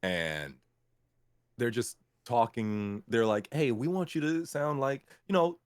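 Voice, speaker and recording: A man from Memphis, a voice actor guest telling animated stories about his work in a casual interview. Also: mid-range voice, takes it slowly, clean tone, no echo, clean studio sound. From Memphis, Tennessee. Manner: animated storyteller, acts out clients' lines.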